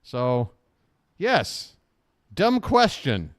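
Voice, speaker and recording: Hosting a live stream, a man riffs sarcastically on a video in casual commentary, cracking jokes, swearing, and putting on mocking voices. His voice is a little high and very animated, with a clear, resonant tone, and he takes it slowly.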